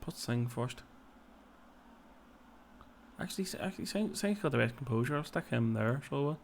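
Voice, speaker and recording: Casting: man, mid-pitched, chatty let's-play commentary, thinking out loud. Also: lively intonation, normal speed, vocal fry, slight background noise. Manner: chatty, thinks aloud, tags lines with "so it did" and "like". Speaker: video game player and commentator. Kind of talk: casual gaming commentary.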